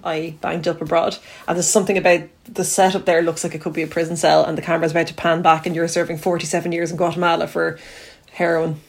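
A woman hosting a comedy podcast over a remote call. She is chatty and quick to laugh. She keeps steering the conversation toward the wrap-up. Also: lowish voice. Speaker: podcast host. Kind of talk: casual comedic chat.

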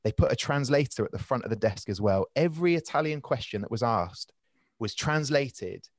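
A man in his twenties or thirties, a podcast guest, telling long rambling anecdotes in casual chat with animated restarts and quick asides. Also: mid-range voice, no echo.

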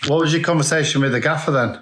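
A man's voice: a little high, racing, fairly bright tone. A man hosting a podcast, chatting casually and teasing his guest. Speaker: podcast host. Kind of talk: casual chat. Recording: roomy echo.

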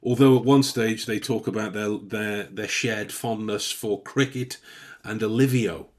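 A man's voice: on the low side, fairly even intonation, a little slow. A man in casual chat, explaining body language in a loose, swearing, laughing way. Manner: chatty, swears, laughs often.

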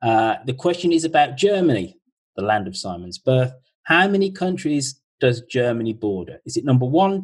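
Male podcast host, husky, mid pitch, casual quiz-master on a video call. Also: poor audio. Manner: chatty, reads questions slowly twice.

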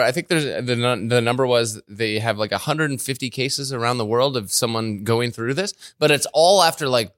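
A man's voice: medium pitch, a bit bright, dry recording, studio quality. A man hosting a radio show in loose, chatty conversation, full of fillers like "like" and "uh". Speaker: radio host. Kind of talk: casual talk-show chat.

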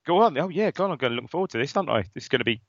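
A man's voice: on the high side, expressive, rapid-fire, dry recording. A man co-hosting a casual football podcast, bantering and joking with his co-host. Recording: dull lo-fi dry recording.

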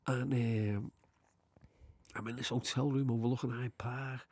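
Liverpool man, gravelly and husky, talks casually as a guest and rambles with fillers. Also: mid-range voice, steady tone, unhurried, darkish tone, no room sound. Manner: rambling, full of fillers like "like" and "you know". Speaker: guest, TV writer. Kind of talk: casual storytelling chat.

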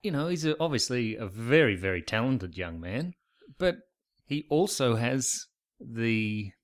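A man's voice: medium pitch, sing-song, measured pace. An Australian man co-hosting a podcast in casual chat, with a wry, dry sense of humour. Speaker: podcast co-host.

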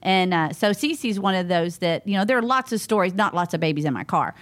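A woman, a guest in an interview, telling a story in a lively conversational way and acting out what people said. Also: fairly low pitch, a little fast. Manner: animated, acts out what people said.

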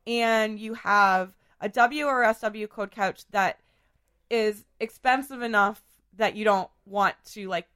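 A woman hosting a podcast in a casual chat, hoarse from a cold, chatty and full of fillers. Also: mid-range voice, fairly bright tone. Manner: chatty, filler-heavy, laughs often. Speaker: podcast host.

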